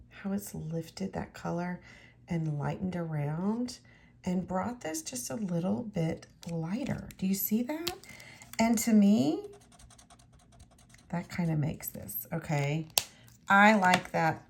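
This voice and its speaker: A woman with a low, gravelly voice walks the viewer through a card-making tutorial. She keeps up a chatty, personal commentary as she works with her hands. Her voice sometimes sinks to a hushed near-whisper. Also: animated, slow pace, a little hiss or hum. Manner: chatty, talks straight to the viewer, often drops to a near-whisper while working. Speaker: craft demonstrator.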